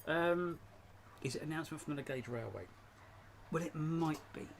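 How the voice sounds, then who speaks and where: A man's voice: on the high side, moderate pace, creaky, a little hiss or hum. A man hosting a casual live stream from his shed, rambling and chatty, often laughing as he talks. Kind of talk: casual chat. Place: home shed.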